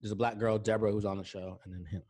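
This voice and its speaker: A male talk show host telling lively anecdotes in casual interview chat, often checking in with "right?". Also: fairly low pitch, rapid-fire.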